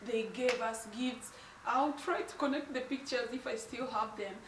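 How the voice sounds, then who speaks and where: A woman's voice: a little high, normal speed, roomy sound, recorded from a distance, background noise. A young woman from Tanzania telling a personal story on her vlog, emotional and apologetic, laughing through tears. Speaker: vlogger.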